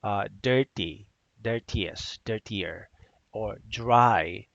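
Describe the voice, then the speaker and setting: A man with a low, gravelly voice gives a grammar lecture. He explains step by step and keeps checking in with "okay?". The recording is dull and lo-fi. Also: very slow, fairly bright tone, no echo. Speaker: teacher.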